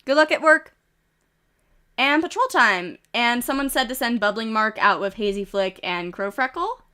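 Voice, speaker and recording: Woman game streamer, congested with a cough, slightly high voice, casual giggly commentary into a desk mic. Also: lively intonation, normal speed, bright, forceful tone, clear, resonant tone. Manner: reads game events aloud with chatty asides and giggles. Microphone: desk microphone.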